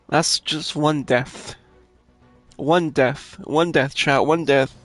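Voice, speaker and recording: A man playing a video game and commenting, swearing at enemies, talking to his chat and bursting into loud shouts. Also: medium pitch, steady tone, measured pace, vocal fry, no room sound, soft background music. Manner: profane, trash-talks enemies, addresses chat. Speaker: gamer commenting on his own play. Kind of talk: let's-play commentary.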